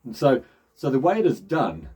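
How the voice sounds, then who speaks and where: A man's voice: mid-range voice, big pitch swings, moderate pace, dark tone, husky. A middle-aged man giving a casual voice lesson, often restarting and repeating phrases as he speaks. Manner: shifts into demonstration voices. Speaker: voice teacher.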